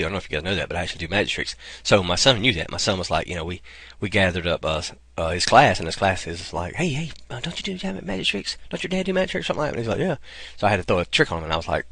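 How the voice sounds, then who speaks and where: A man's voice: on the low side, sharp tone, dry recording. A man talking in a rambling, casual vlog, calling his viewers "guys" and "man". He is getting over a cold and coughs. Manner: chatty, keeps saying "guys" and "man". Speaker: vlogger promoting an online income program. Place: outdoors.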